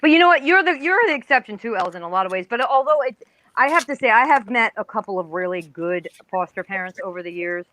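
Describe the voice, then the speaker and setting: A woman from near New York hosting a live online chat, talking in an animated, supportive way and often rambling into her own stories. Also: medium pitch, fast talker. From near New York, United States. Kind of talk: casual chat.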